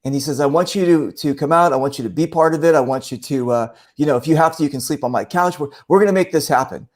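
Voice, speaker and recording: A man with a slightly high voice talks fast. He's the host of a casual online show, telling stories in a rambling style with lots of fillers and acting out other people's voices.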